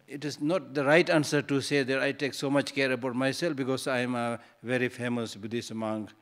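A male Buddhist teacher giving a dharma talk in a hall, conversational and teasing, full of rhetorical questions. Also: mid-range voice.

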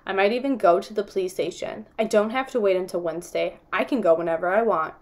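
A woman's voice: mid-range voice, fast talker, natural voice. Insistent, earnest young girl, read by a woman narrator. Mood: worried. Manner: earnest and indignant.

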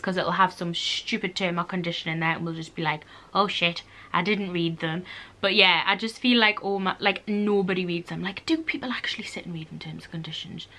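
A young woman in her twenties with a Geordie accent, chatting casually to camera in an animated vlog, swearing freely and acting out little quoted exchanges. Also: on the low side. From North East England. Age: 20s. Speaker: YouTuber. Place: indoors at home. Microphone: camera mic.

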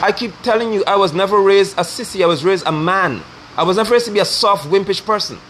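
A middle-aged man delivering a forceful, scolding sermon online, preaching hard at his listeners. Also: high-pitched, fast talker, a little hiss or hum.

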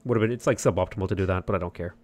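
Low-voiced Irish man, rambling stream chat. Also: racing, darkish tone, faint music behind. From Ireland. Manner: rambling, many "like" fillers and restarts. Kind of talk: casual livestream commentary.

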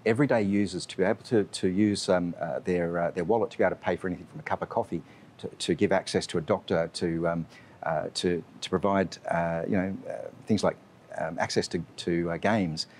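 A man's voice: sits low, steady tone, fairly quick, darkish tone, a little hiss or hum. A man working as a company strategy officer, giving hesitant interview answers full of fillers.

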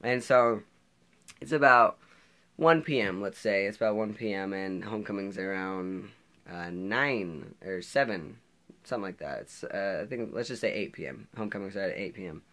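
Rambling teenage boy with low voice. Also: moderate pace, bright, forceful tone. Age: teens. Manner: rambling, many fillers and restarts. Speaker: vlogger. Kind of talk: storytime monologue.

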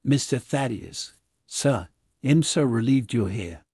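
A man reading as a fretful old housemaid in a storybook reading. The voice is husky and stays in the reader's own range, recorded dry and close. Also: medium pitch, animated, takes it slowly, mellow, no echo. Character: worried old female housemaid.

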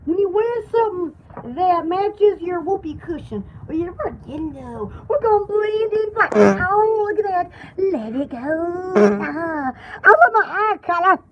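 A squealing, excitable poodle. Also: female voice, very high-pitched, unhurried, hardly any pauses, muffled recording, a little hiss or hum, heavily acted. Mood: excited. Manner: squealing, rambling, easily excited. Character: chattering pampered female poodle, excitable shopping-show host. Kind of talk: comic pet voice-over, home-shopping parody.

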